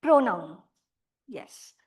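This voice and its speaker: A woman with an Indian English accent runs a vocabulary class in a small classroom. Her voice sits high, and her delivery is brisk and corrective. She slips between Hindi and English as she explains. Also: very animated, darkish tone, husky. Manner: brisk, mixes Hindi and English, scolds sleepy students. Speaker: English teacher.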